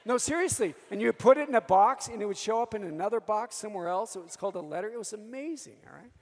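A man in his fifties preaches with a high, gravelly voice. He tells stories from his own life and keeps asking the audience for an "Amen?". The sound carries a long hall reverb. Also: lively intonation, fast. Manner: storytelling, calls for "Amen?" from the audience. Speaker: priest. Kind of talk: sermon with personal stories.

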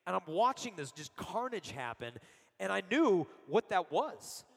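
A man's voice: sits high, measured pace, vocal fry, long reverb tail. A middle-aged man giving a sermon full of personal stories, acting out the quotes he tells. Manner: animated storyteller, acts out quotes. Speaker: speaker giving a Catholic talk.

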